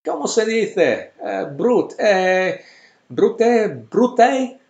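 A man voicing his fussy, exasperated aunt in Spanish-accented English, in a high, strained falsetto. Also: sing-song, drawn-out words, a little mellow, muffled recording, exaggerated voice. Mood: groping for words. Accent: Spanish-accented English, put on. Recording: roomy echo.

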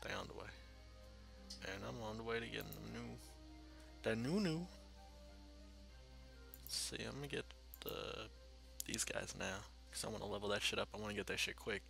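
A man's voice: on the low side, normal speed, creaky, long pauses, sharp tone, faint music behind. A man giving casual, rambling let's-play commentary, swearing freely and talking to himself as he plays. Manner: rambling, profane, talks to himself while playing. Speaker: gaming channel host.

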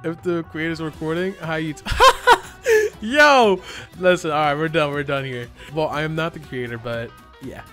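A young man giving excitable commentary over his gameplay, laughing and yelping often. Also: fairly high pitch, fairly quick, faint music behind. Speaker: gaming YouTuber.

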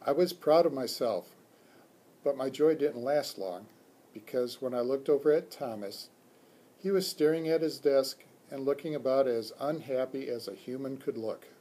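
A man reading a children's chapter book aloud for a school, expressive and doing character voices. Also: medium pitch, normal speed. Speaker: school read-aloud reader.

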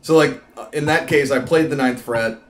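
A man's voice: mid-range voice, moderate pace, background noise. A man teaching guitar in a casual, rambling way, full of fillers and restarts. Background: loud electric guitar playing.

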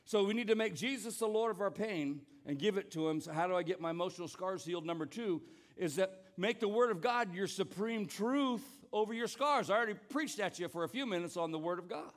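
A man's voice: high voice, fairly quick. A man preaching a sermon as pastor, emphatic, often repeating words and urging the congregation to join in. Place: church service.

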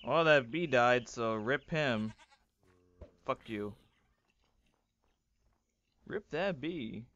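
Young guy yelling and cursing at his game, bright voice, talks slow and drags it out. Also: medium pitch, lively intonation, no room sound, highs cut off. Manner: loud, swearing, melodramatic outbursts. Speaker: gaming YouTuber. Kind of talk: Let's Play commentary.

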